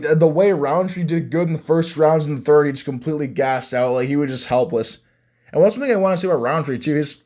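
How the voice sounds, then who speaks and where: An excitable young man reacts to a fight night in casual commentary. He rambles and restarts his sentences, and his voice sits a little higher than most men's. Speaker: MMA fan reviewing fights.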